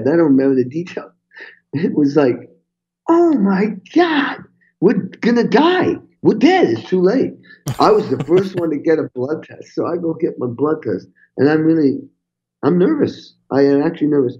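An older man, a guest on a podcast interview, telling stories in an animated, swearing way and acting out what people said. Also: a little high, brisk, muffled recording. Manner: animated, swearing, acts out quotes. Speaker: guest drummer. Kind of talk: storytelling interview.

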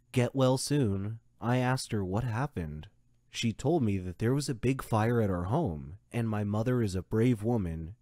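A man telling a first-person story as scripted narration, in a slow, measured way. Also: on the low side, dark tone, dry recording, studio quality.

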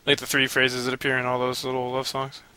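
A man's voice: medium pitch, monotone, fast talker, sharp tone, a little hiss or hum. A man giving rambling, casual commentary while playing a video game, cranky and profane and often laughing. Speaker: let's play commentator.

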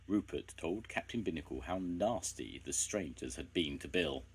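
An older man reading a children's story aloud, gentle and expressive. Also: a bass voice, moderate pace, few pauses, breathy edge.

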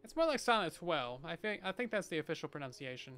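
A man's voice: on the high side, expressive, quick pace, few pauses, bright, forceful tone, faint music behind. A man chatting casually and playfully to his viewers while he plays a game on a livestream, with bursts of mock panic. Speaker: streamer. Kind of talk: casual gameplay livestream chat.

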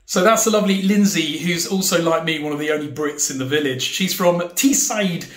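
A man's voice: a little high, fairly quick. A British man vlogging casually from his home bathroom, explaining things in a chatty, joking way. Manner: chatty, jokey, explains while showing things. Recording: echoey tiled bathroom.

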